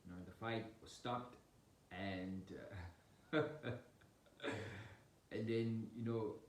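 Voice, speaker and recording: Man telling a family story in an echoey room. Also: drawn-out words. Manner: animated, laughs while telling, acts out scenes with sound effects. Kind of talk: casual personal storytelling. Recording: roomy echo, distant mic, low rumble.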